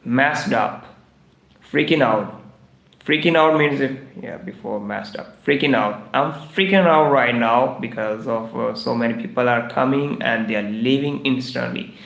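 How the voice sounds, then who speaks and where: A man's voice: medium pitch, measured pace, creaky, fairly bright tone, reverberant. A man teaching English idioms on a live stream, repeating each phrase several times in broken English. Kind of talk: livestreamed English idiom lesson. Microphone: live stream microphone.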